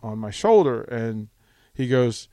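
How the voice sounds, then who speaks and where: A man hosting a radio talk show, telling a rambling, animated anecdote full of restarts, in a studio on a close mic. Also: medium pitch, slow, no room sound. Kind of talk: casual radio storytelling.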